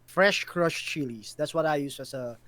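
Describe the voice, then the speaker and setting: A man chatting casually on a stream, giving relaxed, short replies. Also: a little high, moderate pace, no room sound. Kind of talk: casual chat.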